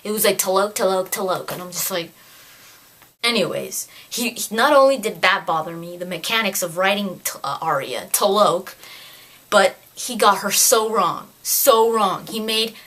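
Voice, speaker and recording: A woman talks through a book review in a casual rant. She sounds exasperated and animated, and her voice sits at an ordinary middle pitch. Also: unhurried.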